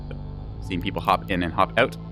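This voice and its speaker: A man's voice: low voice, fairly even intonation, a little fast, over music. A young adult man giving casual live-stream commentary on a game, chatty and rambling, with frequent laughs and teasing asides.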